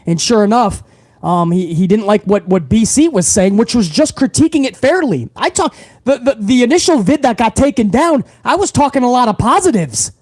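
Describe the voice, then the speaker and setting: A man hosting a live wrestling talk stream, ranting loudly and swearing freely. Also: very high voice, animated, moderate pace, no echo. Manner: brash, loud, swearing. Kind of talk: profane live-stream rant.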